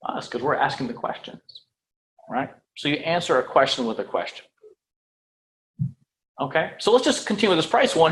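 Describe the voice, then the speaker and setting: A man teaching real estate sales in a room with an audience, lively, checking in with "right?" and "okay?" and acting out phone calls. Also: on the high side, normal speed, long pauses, a little hiss or hum, low-quality recording. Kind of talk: live sales training talk.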